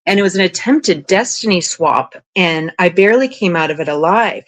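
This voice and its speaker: A woman guest on an interview podcast, telling long spiritual stories in a rambling, animated way, full of "like" and "you know". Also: fairly low pitch, normal speed. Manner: rambling, animated, frequent 'like' and 'you know'. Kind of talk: casual interview storytelling.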